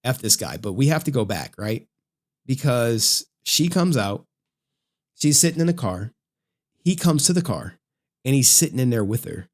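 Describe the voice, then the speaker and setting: A man streaming, casually recapping a film in an animated storytelling way and often checking in with "right?". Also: mid-range voice, normal speed, long pauses. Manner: acts out quoted lines in shifting voices.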